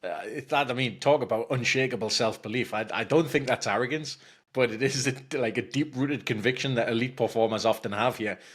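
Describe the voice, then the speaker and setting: A podcast co-host with a husky voice at a middle pitch, reflecting casually on a story. He thinks aloud as he goes, often starting a phrase over before finishing his point. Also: brisk. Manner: thoughtful, restarts phrases while thinking.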